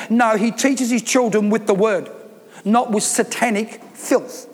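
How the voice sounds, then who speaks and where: A man's voice: high voice, a little slow. A man preaching a sermon as pastor, emphatic and insistent, driving home his points. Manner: emphatic, preaching with rising intensity. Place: church hall. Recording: reverberant church hall.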